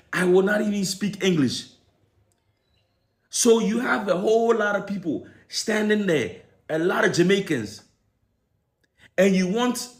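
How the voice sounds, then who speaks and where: Man, Ghanaian accent with American tinge, ranting vlog commentary, fairly high pitch. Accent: Ghanaian with some American. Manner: animated, ranting, rhetorical questions, restarts. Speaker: commentary vlogger. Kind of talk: opinion commentary monologue.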